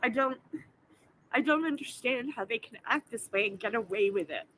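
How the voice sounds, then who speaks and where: Tearful and upset, a woman in her forties swears into her phone while crying in an emotional vlog made after an arrest. Her fairly high voice has lively intonation, a moderate pace and a slightly bright quality. The low-quality recording carries a little hiss or hum.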